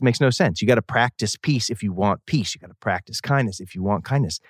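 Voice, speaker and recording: A man with a Boston accent, a musician guest on a podcast, talking in an animated, rambling and earnest way. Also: fairly low pitch, fairly quick, hardly any pauses, husky, dry recording, studio quality. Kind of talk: casual podcast chat.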